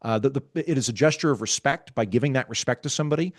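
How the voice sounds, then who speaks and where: A man, a guest author in a podcast interview, explaining ideas in a wry, self-aware, calm and measured way. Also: medium pitch, no room sound, studio quality. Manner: talks calmly, measured.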